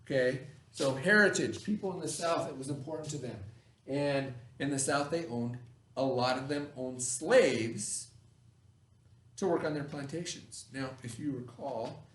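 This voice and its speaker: A man's voice: mid-range voice, unhurried, fairly bright tone. A male teacher giving a lesson to children in a classroom, patient and often checking in with "okay?" and "right?". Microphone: camera across the room. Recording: echoey classroom, from far off.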